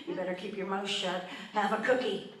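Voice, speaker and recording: A woman voicing a low, smug male inner-critic voice with a scolding murmur. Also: flat delivery, brisk, echoey room, distant mic, heavy background noise, lightly acted.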